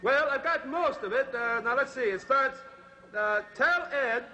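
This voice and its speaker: An actor playing a flustered, slow-witted man who fumbles as he takes a phone message. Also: extremely high pitch, pushed and bright, a little hiss or hum, full character voice. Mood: fumbling. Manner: hesitant, fumbling.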